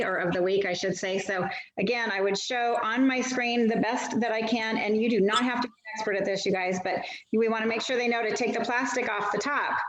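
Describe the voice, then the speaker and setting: A woman's voice: fairly high pitch, a bit bright. Chatty woman demoing on a roomy call. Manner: chatty, self-deprecating, full of asides. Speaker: nail polish stylist training other sellers. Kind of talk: casual instructional demo on a video call. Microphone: video call mic. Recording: dull, roomy video call audio.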